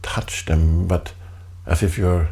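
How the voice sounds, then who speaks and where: A man at home reading a reflective spoken essay in a deliberate, halting way, often repeating his phrases. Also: deep voice, fairly even intonation, vocal fry, warm tone. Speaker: artist performing a spoken text.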